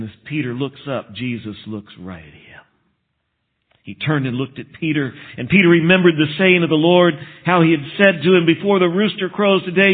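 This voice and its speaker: Male preacher, animated storytelling sermon, narrow tinny recording. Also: fairly high pitch. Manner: animated storytelling with asides and chuckles. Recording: tinny phone-like sound.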